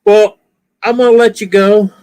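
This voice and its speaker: A man's voice: high-pitched, flat delivery, moderate pace, a little mellow, clean tone. An older man with a mixed Southern and Californian accent, chatting casually in a rambling, self-correcting way. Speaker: viewer chatting on a live stream. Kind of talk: casual chat.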